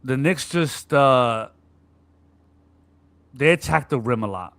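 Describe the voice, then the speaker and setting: Bright-voiced man in animated sports chat. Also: medium pitch, takes it slowly, dry recording. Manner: animated, acts out players' griping with profanity. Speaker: podcast co-host.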